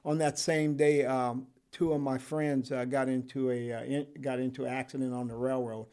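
Older man, retired officer, rambling storyteller, mid-pitched voice. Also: little pitch movement, moderate pace, warm tone, clear, resonant tone. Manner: rambling, with frequent ums and restarts, laughs often. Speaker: interviewee, retired correctional officer. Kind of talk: storytelling interview.

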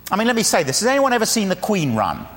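A man's voice: high-pitched, wildly swooping pitch, very fast, a bit bright, in a large hall, a little hiss or hum. A man with an English accent preaching a sermon, telling a story through rhetorical questions and acted-out quotes. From England.

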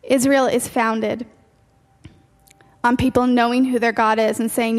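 A woman's voice: on the high side, little pitch movement, measured pace, pauses often. A woman preacher delivering an earnest sermon, repeating key phrases for emphasis. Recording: long hall reverb with faint music.

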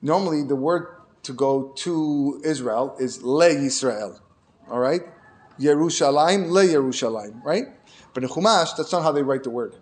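A man's voice: medium pitch, moderate pace. A man teaching a Torah lesson in a storytelling way, with Hebrew terms mixed in and growing emphatic as he makes his points. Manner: storytelling, grows emphatic and louder when making points; frequent restarts and fillers, sprinkled with Hebrew terms. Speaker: rabbi.

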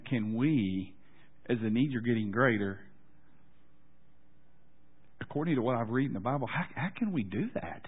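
A male pastor tells a story from the pulpit in a loose, self-deprecating way, often stopping to restart his sentences. His voice sits at a middle pitch, a little husky, and the recording sounds thin, like a phone line. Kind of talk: storytelling sermon.

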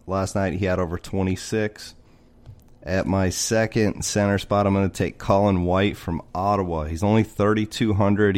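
A man's voice: fairly low pitch, clean tone. A man co-hosting a casual sports chat, steadily running through his picks and prices. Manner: steady, methodical, lists players and prices. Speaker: co-host picking fantasy lineups.

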